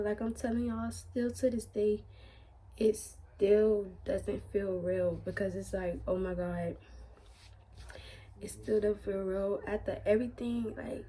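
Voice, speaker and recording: A young woman telling a storytime vlog while crying, halting and full of fillers. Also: medium pitch, warm tone. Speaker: vlogger.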